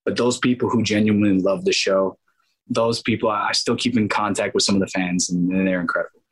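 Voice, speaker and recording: A man, an actor guest in an interview, telling animated stories and acting out quoted dialogue in other voices. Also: lowish voice, fairly quick, poor audio. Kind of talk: casual interview storytelling.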